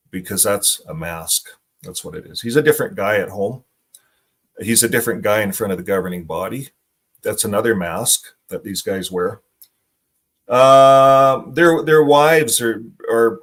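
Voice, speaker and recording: A man's voice: on the low side, fairly bright tone. A middle-aged man talking bluntly in a casual monologue, often repeating himself for emphasis. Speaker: host.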